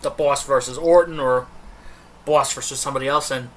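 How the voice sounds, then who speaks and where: A man's voice: mid-range voice, fairly even intonation, fairly quick. A man co-hosting a casual wrestling podcast, rambling through details and tangents. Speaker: podcast co-host.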